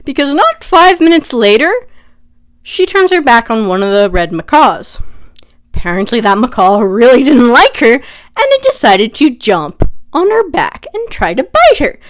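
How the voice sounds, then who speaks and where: A young woman casually retelling a story for her vlog, chatty and animated, full of "like". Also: on the high side, unhurried. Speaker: vlogger.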